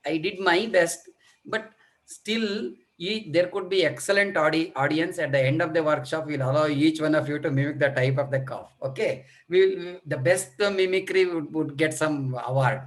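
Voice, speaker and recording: A middle-aged man, slightly high-voiced and speaking at an ordinary pace, presents children's coughs to an online medical workshop. The pediatric lecturer shows what the coughs sound like and uses many fillers.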